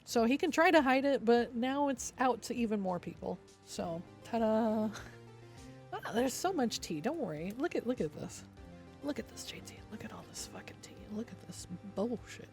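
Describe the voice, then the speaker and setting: A woman's voice: on the high side, darkish tone. A young woman streamer ranting at length, swearing a lot and making sarcastic, petty jabs. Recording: faint music behind.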